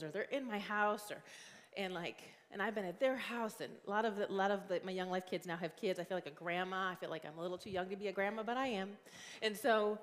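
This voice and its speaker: A woman in her forties gives a sermon in an earnest, conversational way, thinking aloud with frequent fillers. Her voice sits at an ordinary pitch for a woman. It rings out with a long reverb, as in a large church hall. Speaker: guest preacher and youth ministry leader. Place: church sanctuary.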